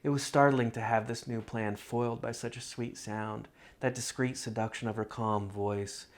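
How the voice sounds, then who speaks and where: A man reading his own literary love story aloud in a measured, reflective first-person narration. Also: medium pitch, steady tone.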